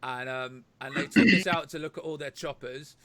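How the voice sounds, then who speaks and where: A man's voice: mid-range voice, normal speed, sharp tone. A man, a band member, prompting a bandmate and retelling a shared memory in casual chat.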